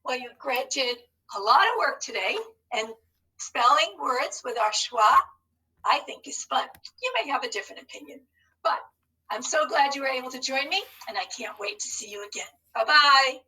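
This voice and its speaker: A woman teaching a phonics lesson on video, breaking words into syllables slowly and encouraging the class. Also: sits high, expressive, bright, forceful tone, far from the mic, rough recording. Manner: slow, encouraging, modelling each syllable.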